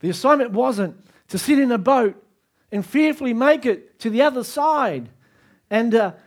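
High-voiced man preaching emphatically. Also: animated, normal speed. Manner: emphatic preaching that swings from soft asides to raised climaxes. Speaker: pastor. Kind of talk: sermon.

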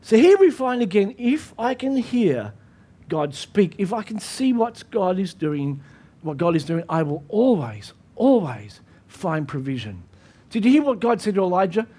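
A pastor preaching an earnest, emphatic sermon with dramatic pauses. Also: male voice, high-pitched, big pitch swings, mellow, breathy edge.

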